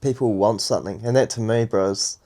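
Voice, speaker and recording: A man, co-hosting a podcast and responding in a calm, reflective way. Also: lowish voice, fairly quick. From New Zealand. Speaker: podcast co-host. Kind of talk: casual conversation.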